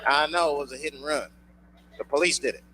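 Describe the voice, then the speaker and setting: A man performing a stand-up routine, telling a loose, profane story and shouting his punchlines. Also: on the high side, steady tone, quick pace. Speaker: stand-up comedian. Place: comedy club stage before a live audience. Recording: noisy live club recording.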